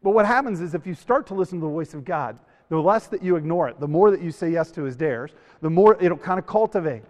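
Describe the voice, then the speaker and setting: Youth speaker: a man with a slightly high voice, animated storyteller, long hall reverb. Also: quick pace. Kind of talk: sermon to a youth camp.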